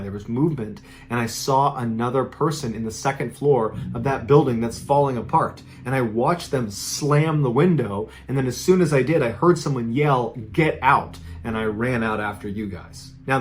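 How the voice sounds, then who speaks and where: A man in his thirties narrating a true horror story in a measured, suspenseful way, acting out the people's lines in his own voice. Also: medium pitch. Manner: measured, suspenseful delivery with quoted dialogue.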